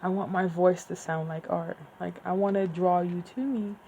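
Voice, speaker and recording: A woman who hosts a podcast, reading her own fiction aloud and then chatting casually, with slow, deliberate enunciation and rambling asides. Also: fairly low pitch, steady tone, gravelly, mellow, lo-fi sound, a little hiss or hum. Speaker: podcast host and author.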